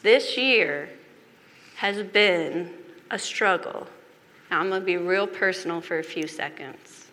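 A woman's voice: fairly low pitch, slow, fairly bright tone. Earnest woman preaching in an echoing hall. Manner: earnest, confessional, with emphatic repetition. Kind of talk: personal testimony sermon. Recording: reverberant hall with faint background noise.

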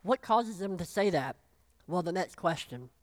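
A pastor preaching a sermon, acting out the voices of the people in the story, choked up and clearing their throat. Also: medium pitch, normal speed, dry recording. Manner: animated, acts out voices of biblical figures.

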